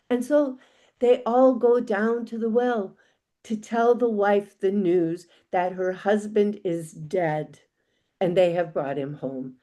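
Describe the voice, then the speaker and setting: A woman telling a folk tale aloud to a live audience, unhurried and expressive. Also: mid-range voice. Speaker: storyteller.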